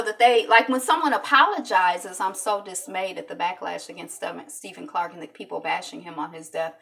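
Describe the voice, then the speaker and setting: A woman hosting an online talk show, rambling and animated, with many restarts and quoted asides. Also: mid-range voice, recorded from a distance. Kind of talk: casual opinion talk.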